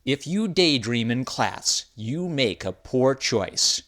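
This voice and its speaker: A kindly schoolteacher addresses his class in a firm, measured voice, as a man plays him. His tone is encouraging, with lively pitch swings. He speaks slowly, as in a storybook read aloud.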